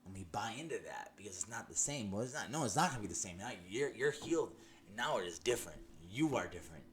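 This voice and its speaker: A man's voice: fairly low pitch, fast. A man telling a personal testimony in a casual, emphatic way, with restarts and laughter. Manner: excited, laughing, emphatic storytelling with many restarts. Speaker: testimony speaker.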